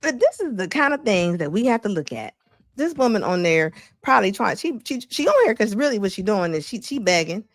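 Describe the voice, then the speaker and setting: A woman's voice: mid-range voice, sing-song, a little fast, dry recording, clean studio sound, faint music behind. A woman host doing casual livestream commentary, chatty and slangy, laughing as she gives her opinions.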